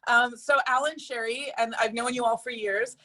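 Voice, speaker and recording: A woman's voice: on the high side, fairly even intonation, moderate pace, sharp tone. A woman giving a personal testimonial to a group, chatty and earnest, with lots of fillers.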